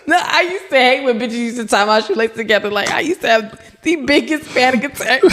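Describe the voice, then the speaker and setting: A woman's voice: fairly high pitch, animated, normal speed, few pauses, fairly bright tone. A young woman from Texas, a podcast guest telling stories in a brash, profane, laughing way. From Texas, USA. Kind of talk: casual chat.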